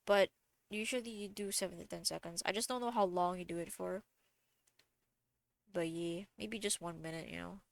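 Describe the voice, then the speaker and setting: A woman's voice: lowish voice, fairly even intonation, normal speed, vocal fry, long pauses, no room sound. A woman casually explaining physiotherapy techniques in a recorded lesson, often correcting herself and going off on tangents with self-deprecating asides. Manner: chatty, digressive and self-correcting.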